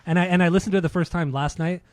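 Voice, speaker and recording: A man's voice: sits high, fairly even intonation, very fast, no echo. A man co-hosting a casual music podcast, laid-back and swearing, laughing often. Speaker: podcast co-host.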